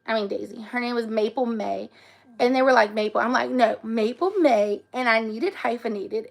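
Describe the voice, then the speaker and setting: A woman's voice: fairly high pitch, gravelly. A woman hosting a casual live stream, talking emotionally and often tearfully. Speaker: livestream host.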